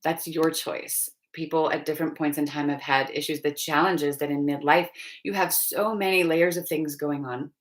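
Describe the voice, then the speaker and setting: A woman coaching on a casual live stream, chatty and meandering, with frequent soft laughs and lots of "you know.". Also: low-pitched, fairly even intonation, moderate pace. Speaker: fertility and pregnancy coach.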